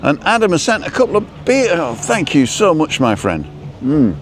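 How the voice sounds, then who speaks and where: A man's voice: fairly high pitch, huge pitch swings, normal speed. A man hosting a casual live stream outdoors, rambling as he reads out viewer comments and adjusts his stream settings. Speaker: livestream host. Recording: noisy outdoor street background.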